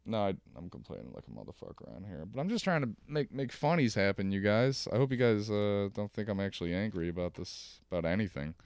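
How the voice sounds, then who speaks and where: A man's voice: fairly low pitch, big pitch swings, fast, gravelly, hardly any pauses, darkish tone, clean tone, dry recording. A young man hosting a solo comedic podcast from his couch, ranting sarcastically and swearing often. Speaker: podcast host. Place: at home on a couch.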